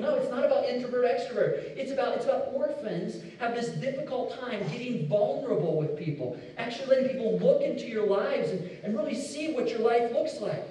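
A middle-aged man from Indiana, preaching a sermon with animated storytelling and repeated words. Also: extremely high pitch, fairly quick, few pauses, slight background noise. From Indiana, USA. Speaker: pastor. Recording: echoey hall, distant mic.

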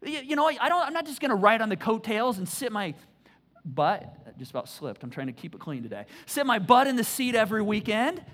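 A male pastor giving an energetic sermon in a church, often repeating words as he pushes his point. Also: high voice, brisk. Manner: energetic, stammering repeats, emphatic.

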